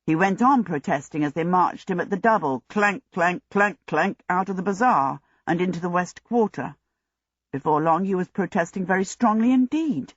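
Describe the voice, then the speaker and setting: An audiobook narrator reading a fantasy story in a steady, measured way. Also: medium pitch, no echo. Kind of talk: scripted narration. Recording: dull lo-fi audio.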